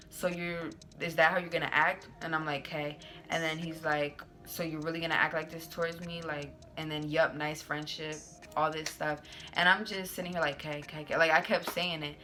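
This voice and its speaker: Sassy young woman telling a storytime. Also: low-pitched. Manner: sassy, slangy and expressive, with plenty of "like"s. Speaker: YouTuber host. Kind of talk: casual storytime monologue.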